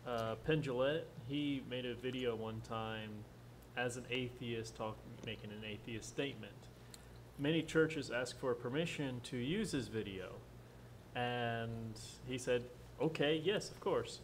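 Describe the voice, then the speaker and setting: A man's voice: mid-range voice, a little slow. Hesitant man making a point. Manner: hesitant, lots of ums. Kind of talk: casual panel chat over dinner. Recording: faint room noise, live stream.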